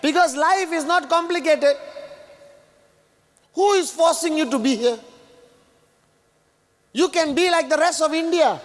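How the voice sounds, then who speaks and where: A man giving a motivational stage speech, emphatic and repetitive, sometimes shouting at the audience. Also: very high voice, measured pace, long pauses. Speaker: motivational speaker. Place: large event hall. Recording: long reverb of a large hall.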